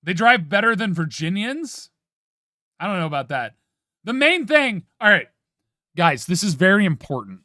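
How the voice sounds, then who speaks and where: High, animated man chatting with viewers. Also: moderate pace, long pauses, no echo, clean studio sound. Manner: animated, playfully dramatic opinions. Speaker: streamer. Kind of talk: casual chat with stream viewers.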